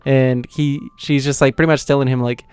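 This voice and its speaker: A young man talks through an episode recap in a loose, rambling way, padding his sentences with filler words and little chuckles. His voice is smooth and clean but stays fairly flat in pitch. The sound is dry and close, with no room echo. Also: fairly quick. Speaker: anime reaction channel host. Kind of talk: casual episode recap and review.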